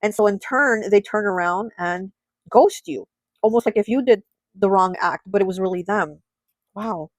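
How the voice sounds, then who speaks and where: A woman giving a pick-a-card tarot reading, musing aloud with frequent surprised exclamations and often sinking to a soft murmur. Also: medium pitch, moderate pace, no echo, poor audio. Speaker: tarot reader.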